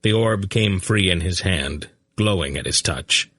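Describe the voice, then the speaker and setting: A man narrating a fantasy audiobook in a steady, measured reading. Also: low voice, husky, dry recording, studio quality.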